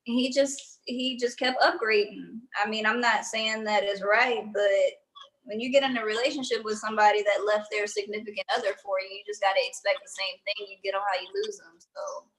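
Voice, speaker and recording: A woman's voice: medium pitch, steady tone, brisk, a bit bright, low-quality recording. A woman, co-hosting a casual review show and giving her opinions in a gossipy, chatty way. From Louisiana. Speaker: co-host.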